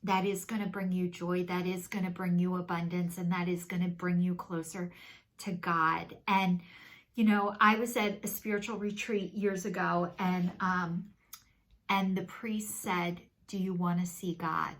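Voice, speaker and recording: A woman giving a spiritual oracle card reading to her viewers, speaking in a slow, earnest and consoling way, sometimes tearful. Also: on the low side, little pitch movement, fairly bright tone. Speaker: tarot and oracle card reader.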